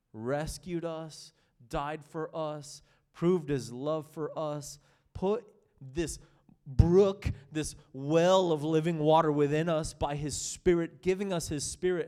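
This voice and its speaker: A man preaching a sermon with passion, swinging between loud excitement and hushed, tender reading. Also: on the high side, takes it slowly, clean tone.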